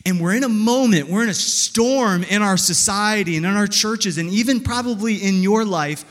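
A male pastor with a notably high voice preaches in a warm, conversational way, stumbling over restarts and firing off rhetorical questions. His words ring out with a long reverb, as in a large hall. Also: normal speed. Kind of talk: sermon.

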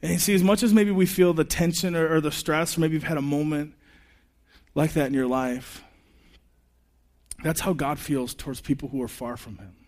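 This is a man in his thirties, and his voice sits a bit higher than most men's. He preaches in a loose, chatty way, bouncing through personal anecdotes and quick asides to his listeners. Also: steady tone, darkish tone. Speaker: pastor. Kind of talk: conversational sermon with personal stories.

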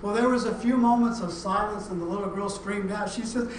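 A middle-aged pastor delivers a sermon in a church sanctuary, slipping from gentle storytelling into loud, emphatic preaching. The voice is distant from the mic and washed in heavy room echo, with a faint ambient hiss behind it, and the delivery is unhurried. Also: mid-range voice. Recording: echoey room, mic far off.

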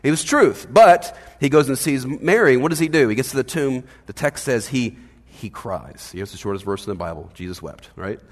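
A man preaching a sermon as pastor, conversational and animated, often checking in with "right?". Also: medium pitch, normal speed, big-room sound. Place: church hall.

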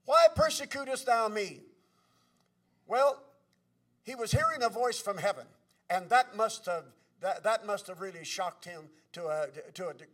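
A male preacher telling sermon stories in a halting way, with many pauses and restarts, his voice swinging between soft and loud. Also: extremely high pitch. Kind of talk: sermon storytelling. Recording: distant from the mic.

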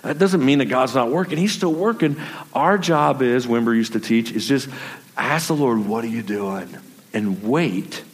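A man's voice: medium pitch, normal speed. A man preaching a sermon in a loose, conversational storytelling manner and sometimes repeating his words. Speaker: pastor. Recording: long reverb of a large hall.

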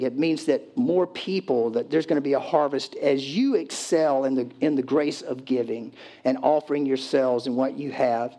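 A man's voice: medium pitch, warm tone. A male pastor preaching a sermon in a conversational way, with loose restarts and acted-out pleading voices.

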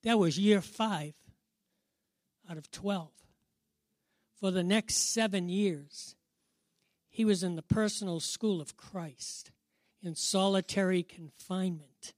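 A man's voice: sits high, slow pace, pauses often, no room sound, studio quality. A middle-aged man preaching a sermon in a conversational way, asking the audience questions and chuckling at his own stories.

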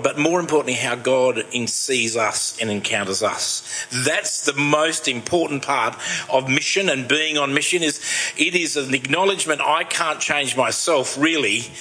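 Preaching in his sixties, this man tells stories from his own life with conversational, self-mocking humor, growing quiet and unhurried whenever he reflects. His pitch leans high, and the audio quality is low.

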